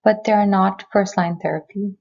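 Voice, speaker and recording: A woman physician giving a prepared lecture, speaking in a measured, clear, explanatory way from a remote recording. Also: medium pitch, fairly even intonation, a little mellow, dull audio. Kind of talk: prepared medical presentation. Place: remote recording, not in person.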